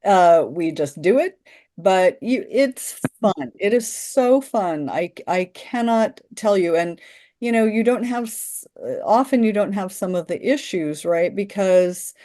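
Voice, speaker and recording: A woman's voice: mid-range voice, animated, measured pace, warm tone. A woman training literacy tutors in a webinar, enthusiastic and rambling, with many restarts.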